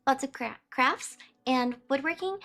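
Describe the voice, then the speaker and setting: High-voiced chatty woman streamer. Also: unhurried, fairly bright tone. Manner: rambling, chatty, bleeps out words aloud. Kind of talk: casual live-stream chat.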